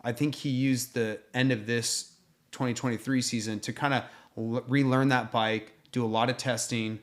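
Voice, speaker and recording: A man's voice: mid-range voice, fairly even intonation, normal speed. A man co-hosting a casual racing chat, agreeable and a little hesitant, with frequent ums. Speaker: podcast co-host.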